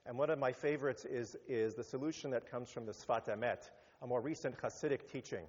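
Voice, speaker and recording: A rabbi giving a sermon, animated, rising to emphatic peaks and then dropping low. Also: male voice, brisk, husky. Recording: muffled sound with long hall reverb.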